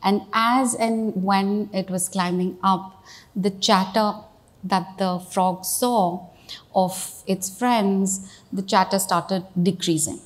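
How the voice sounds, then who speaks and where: A middle-aged woman from India, a CEO, gives a keynote speech slowly in a mid-range voice with fairly even intonation. Her style is conversational and story-driven, often dropping "you know" and "right?"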